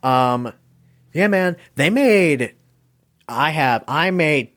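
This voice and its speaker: A man hosting a casual podcast, animated, laughing often and swearing freely. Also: a little high, extremely slow. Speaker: podcast host.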